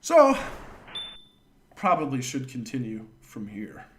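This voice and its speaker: A man's voice: medium pitch, unhurried, heavy background noise. A man streaming live and telling a rambling, profane anecdote, stopping to thank viewers. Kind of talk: casual storytelling on a livestream.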